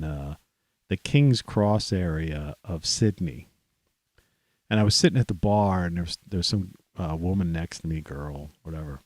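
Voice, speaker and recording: A man's voice: low voice, a little mellow, no room sound. A middle-aged American man hosting a live stream, talking in a rambling, casual monologue full of "you know" and restarts. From United States. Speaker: livestream host.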